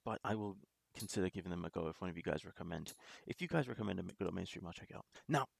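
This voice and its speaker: Gravelly low-voiced man rambling. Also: animated, no room sound. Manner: rambling, halting, many restarts and laughs. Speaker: reaction video host. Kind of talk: casual commentary.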